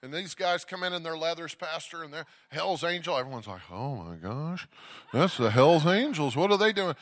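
A bright, forceful male evangelist from Texas works up a church crowd, shouting "come on, somebody" between stories. His voice sits a little high and swings from loud bursts down to hushed asides. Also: expressive, moderate pace. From Dallas, Texas. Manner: exuberant, calls out to the crowd, storytelling. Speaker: guest evangelist preacher. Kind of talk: energetic Pentecostal sermon. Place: church sanctuary.

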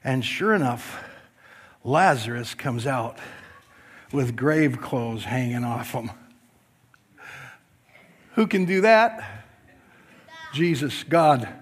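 A man preaching a sermon as pastor to a church congregation, swinging from loud emphatic passages to soft quiet asides and joking with the listeners. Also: medium pitch, lively intonation, slow, pauses often, slightly rough, in a large hall. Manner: jokes with the congregation.

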